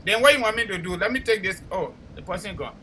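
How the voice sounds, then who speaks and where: Liberian man, call-in radio host, high bright voice, combative and repetitive. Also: fast, slightly rough, poor audio. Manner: forceful, combative, repeats words when heated. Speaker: talk show host. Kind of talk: call-in talk show commentary.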